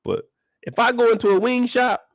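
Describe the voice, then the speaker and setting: A young man hosting a reaction video, loud and joking with plenty of swearing. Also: very high voice, normal speed, no room sound, studio quality. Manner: loud, animated, joking, profane, breaks into laughter. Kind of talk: reaction commentary.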